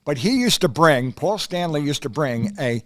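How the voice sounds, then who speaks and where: A man's voice: fairly high pitch, lively intonation, normal speed, fairly bright tone. A middle-aged man co-hosting a podcast, telling rambling anecdotes full of fillers. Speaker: podcast co-host. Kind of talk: casual chat.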